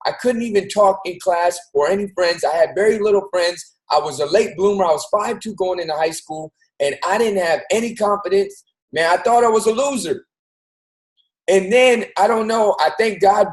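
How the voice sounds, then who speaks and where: A man's voice: sits high, moderate pace, poor audio. A man hosting a show, giving an earnest, casual motivational talk straight to his listeners. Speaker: host.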